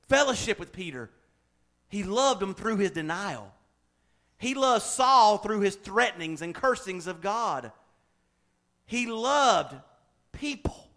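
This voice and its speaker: A man preaching a folksy, lively sermon as pastor, laughing and acting out everyday examples. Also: very high voice.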